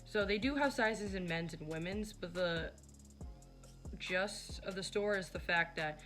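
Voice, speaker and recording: This young vlogger speaks a little slowly in a lowish, fairly bright voice, with soft background music behind her. Her narration is chatty and teasing, heavy with fillers.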